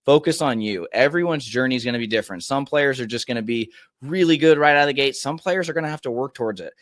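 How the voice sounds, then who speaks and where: A man's voice: mid-range voice, fast, fairly bright tone, no echo, clean studio sound. A young man, a mental golf coach and podcast guest, giving earnest, encouraging advice in casual chat with frequent "uh"s.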